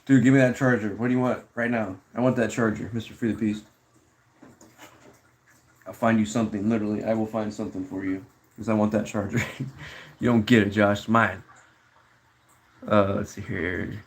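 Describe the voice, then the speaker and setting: A man's voice: lowish voice, fairly even intonation, moderate pace, long pauses, slight background noise. A young man casually chatting on a live stream, reading chat messages aloud and answering them in a laid-back way.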